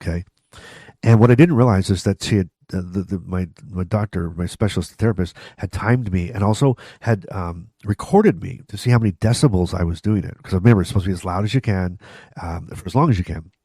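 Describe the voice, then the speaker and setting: Mellow low-voiced man chatting to camera. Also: fast talker, slightly rough, no echo, clean studio sound. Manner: chatty, direct, frequent restarts and asides to the viewer. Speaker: vlog host. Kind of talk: casual talk to camera.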